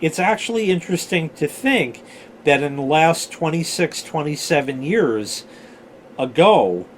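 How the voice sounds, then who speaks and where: Expressive and a little slow, this fairly high-pitched male voice belongs to a storyteller host in his forties. He chats his way through old stories, swearing freely and straying onto tangents, with a little hiss or hum in the background.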